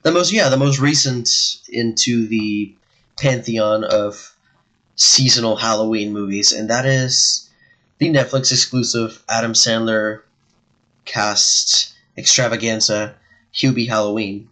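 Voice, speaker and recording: A man's voice: fairly low pitch, steady tone, a little slow, sharp tone, poor audio. A man co-hosting a casual movie podcast, talking in a laid-back way with many fillers and restarts. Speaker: podcast co-host.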